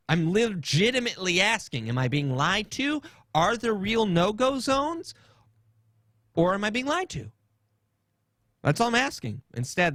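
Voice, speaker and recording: A man's voice: fairly high pitch, a bit bright, no room sound. A man hosting a podcast, telling a rambling story in a casual, swearing rant. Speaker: podcast host.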